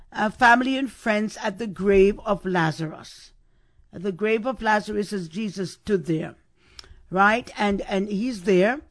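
A woman hosting a devotional podcast, giving a reflection on scripture. She repeats her phrases and keeps asking the listener rhetorical questions. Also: mid-range voice.

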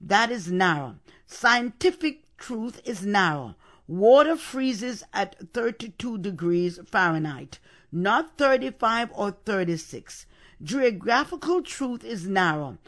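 A man's voice: sits high, big pitch swings, takes it slowly, a bit bright. A man preaching a sermon. He speaks with emphasis, repeats words for weight, and often stumbles and restarts mid-sentence.

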